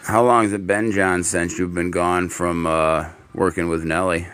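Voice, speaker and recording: A man's voice: low-pitched, flat delivery, moderate pace, fairly bright tone, clear, resonant tone. A man chatting casually on a live stream, answering viewers and talking fondly to his cat. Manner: talks fondly to his cat between chat. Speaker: livestreamer.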